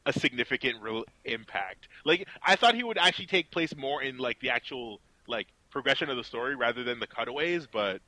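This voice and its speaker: A laid-back man chatting about films with a bright, fairly high voice that moves lively up and down. He laughs easily. The sound is dry and close, with no room echo. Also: brisk, few pauses. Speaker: podcast co-host reviewing films. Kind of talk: casual chat.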